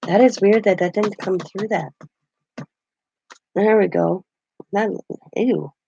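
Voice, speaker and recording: A woman's voice: mid-range voice, slow pace, gravelly, warm tone, slightly rough, dry recording. A grandmother in her fifties chatting casually while she crafts, laughing often and greeting viewers. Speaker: craft vlogger. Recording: dull lo-fi livestream audio.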